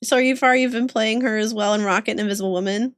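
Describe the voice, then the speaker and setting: A woman's voice: on the high side, steady tone, quick pace, no room sound, clean studio sound. A woman streamer chatting casually and giggling with her viewers while she draws. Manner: giggly, bubbly, greets chat warmly.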